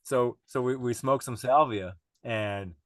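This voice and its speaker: A man's voice: medium pitch, unhurried, a bit bright, no echo. Man, podcast guest, rambling storyteller, swears a lot, laughs often, dry close sound. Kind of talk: casual storytelling chat.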